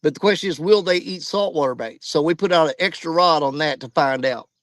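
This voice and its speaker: A man's voice: on the high side, brisk, fairly bright tone, no echo. A man hosting a live fishing stream outdoors, out of breath and chatting to viewers by name. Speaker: fishing channel host. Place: outdoors at a riverbank.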